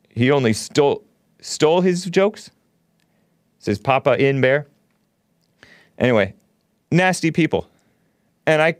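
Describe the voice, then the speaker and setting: A man's voice: mid-range voice, no echo, clean studio sound. A man hosting a talk show, talking in a rambling, opinionated monologue with frequent chuckles. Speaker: show host.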